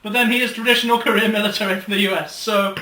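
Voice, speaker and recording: A man's voice: sits high, steady tone, very fast, pushed and bright. A young man co-hosting a casual film review, dry and jokey, acting out scenes. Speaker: co-host of a film review show. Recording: echoey room, mic at a distance, faint noise.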